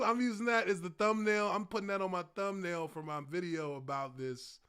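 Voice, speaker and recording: Excitable high-voiced man streaming. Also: slow pace, smooth. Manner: excitable, laughs often, hyped. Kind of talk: casual live-stream commentary.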